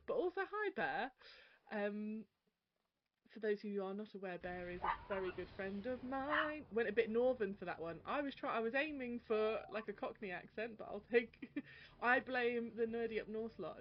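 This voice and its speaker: A woman streaming a video game, chatting casually and laughing often while greeting viewers by name. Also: medium pitch. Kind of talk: casual live-stream chat while gaming. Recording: dull audio with loud background noise.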